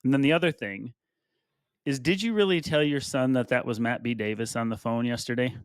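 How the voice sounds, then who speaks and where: A man's voice: medium pitch, a little fast, smooth, no echo. Guy cohosting a running podcast, coming down with a cold, jokey mock-hurt banter, dry close mic. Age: adult with a wife. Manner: joking, mock-hurt storytelling. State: getting chills, coming down with a cold. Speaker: podcast co-host.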